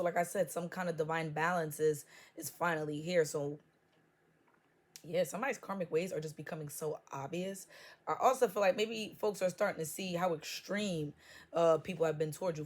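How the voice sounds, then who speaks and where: A woman's voice: on the low side, fairly even intonation, a little fast. A woman giving a casual tarot reading, blunt and profane with joking trash talk. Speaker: tarot reader.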